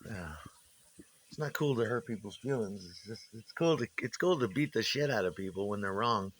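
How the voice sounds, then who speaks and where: A man's voice: on the low side, animated, normal speed, fairly bright tone. A man in a rambling, casual monologue, swearing freely and restarting his sentences as he tells stories about his old bandmates. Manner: meandering, profane, frequent restarts.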